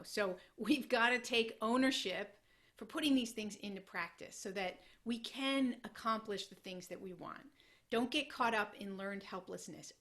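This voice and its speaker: A woman's voice: medium pitch, a bit bright. A woman productivity consultant presenting a webinar in an upbeat, encouraging way.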